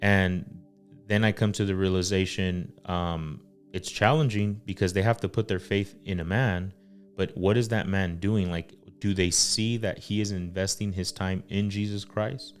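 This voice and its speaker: Earnest deep-voiced man hosting a faith talk. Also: steady tone, faint music behind. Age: adult father. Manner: earnest, full of fillers and pauses. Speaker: podcast host. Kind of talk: casual faith-based talk.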